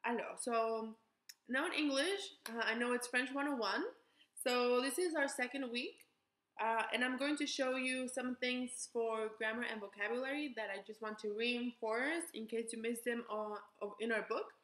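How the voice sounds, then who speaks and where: A young woman with a somewhat high voice teaches beginner French, moving between French and English. She slows down to model pronunciation. The recording has a roomy echo. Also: a bit bright. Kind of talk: recorded class lesson.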